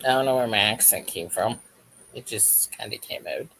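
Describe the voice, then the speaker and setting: A man's voice: lowish voice, normal speed, bright, forceful tone, slight background noise, poor audio. A man hosting a crochet livestream, chatting casually and jokily while reading the live chat aloud as he works.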